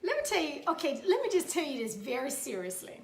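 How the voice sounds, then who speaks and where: A woman hosting a talk show, telling stories in an animated, playful way and laughing often. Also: high-pitched, fast, echoey room. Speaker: radio show host. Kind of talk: casual chat.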